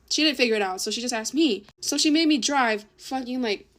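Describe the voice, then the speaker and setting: A woman's voice: fairly high pitch, normal speed, a bit bright. A young woman telling a story in a casual, chatty way, swearing often and acting out what people said. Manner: chatty, swears a lot, acts out quoted voices. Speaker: vlogger.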